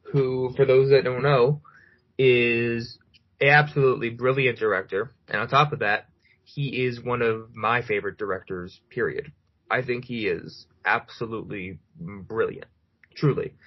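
A man's voice: medium pitch, husky. A man co-hosting a casual podcast, enthusiastic and fan-minded, hedging often with ums and "I mean". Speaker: podcast co-host. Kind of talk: casual chat. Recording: dull lo-fi sound.

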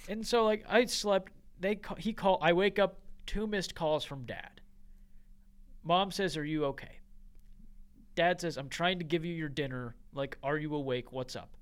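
A young man co-hosting a podcast tells a story in casual chat, animated and laughing as he goes, saying "like" constantly. His voice is on the high side, a little slow and clean in tone.

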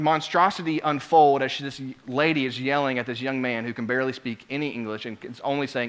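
Bright-voiced animated male preacher. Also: fairly high pitch, brisk, few pauses. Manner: animated, swings from quiet to loud exclamations. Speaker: pastor. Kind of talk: sermon storytelling.

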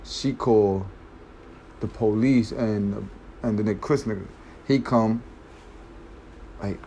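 A man's voice: on the low side, slow, pauses often, dark tone, slight background noise. A man telling a story in a casual, slangy, rambling way, often checking in with his listeners.

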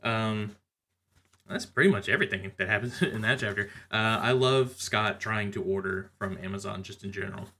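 A man's voice: lowish voice, moderate pace, sharp tone. A man co-hosting a podcast, recapping a comic in loose, casual chat with lots of fillers and laughs. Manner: laughs often, loose and chatty with frequent fillers. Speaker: podcast co-host.

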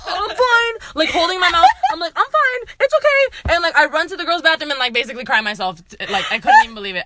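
A woman's voice: high voice, pushed and bright, no room sound. A young woman co-hosting a casual podcast, telling a story with lots of laughter and swearing. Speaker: podcast co-host.

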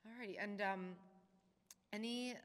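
A woman in her twenties hosting a casual podcast, agreeable and quick with "yeah" backchannels. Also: mid-range voice, fairly even intonation, fairly bright tone, in a large hall. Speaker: podcast host. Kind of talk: casual chat.

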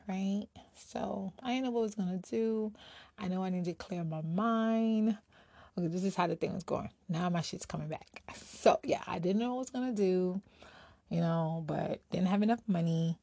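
A woman's voice: mid-range voice, moderate pace, gravelly, warm tone, dry recording. A middle-aged woman ranting candidly in a casual personal vlog, slightly out of breath, tossing in rhetorical asides. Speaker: vlogger.

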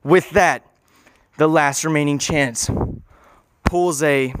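A man's voice: a little high, steady tone, slow pace, fairly bright tone, slight background noise. Rambling man spinning a wild tale. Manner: rambling, self-correcting, joking asides. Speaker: storyteller. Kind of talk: casual improvised storytelling.

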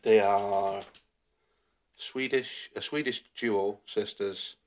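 A man in his 40s co-hosts a casual podcast, rambling with lots of fillers and restarts. He speaks slowly in a lowish, steady voice.

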